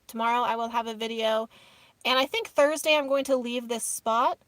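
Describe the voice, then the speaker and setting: A woman's voice: a little high, fairly even intonation, normal speed, fairly bright tone, no echo. A woman chatting casually on a live stream from her minivan, reading viewer comments aloud and calling them "y'all". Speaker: vlogger hosting a live stream. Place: inside her minivan, camping off grid outdoors.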